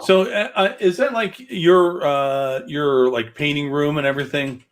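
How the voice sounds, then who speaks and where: Keeping a measured pace, a man with a fairly high voice hosts a casual livestreamed gaming show. He rambles and jokes, and his speech is heavy with fillers.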